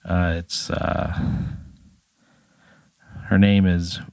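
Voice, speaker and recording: A man runs a comedy tabletop game, spinning the story in a loose, chatty way with lots of fillers. His voice sits low, and the sound is dry and close. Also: level tone, very slow, gravelly, a little mellow, dry recording. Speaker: game master.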